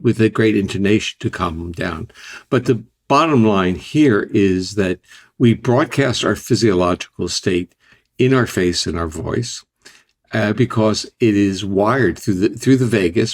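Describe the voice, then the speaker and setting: An older man, a scientist guest, explaining ideas in a deliberate, conversational way. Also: lowish voice. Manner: deliberate, explanatory, restarts phrases.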